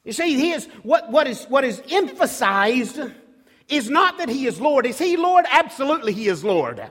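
A man preaching a sermon with emphatic rhetorical questions, sometimes dropping to a hush. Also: very high-pitched, very animated, moderate pace, big-room sound. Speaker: pastor.

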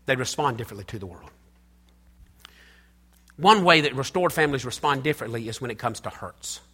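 A man's voice: mid-range voice, lively intonation, brisk, sharp tone, slightly rough. Emphatic preaching man in an echoing hall. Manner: emphatic preaching, repeats phrases, calls out to the congregation. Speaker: pastor. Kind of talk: sermon. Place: church hall.

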